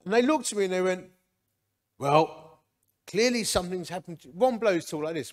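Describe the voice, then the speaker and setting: A man, giving a lively, jokey personal testimony to a men's gathering and acting out the people in it. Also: high-pitched, moderate pace. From Hornchurch, England. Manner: lively, jokey, acts out quotes.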